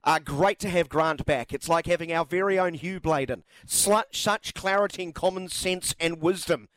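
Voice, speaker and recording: A man's voice: a little high, moderate pace, hardly any pauses, fairly bright tone, no room sound. A man hosting talkback sports radio, chatting and reading out listener texts. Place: radio studio.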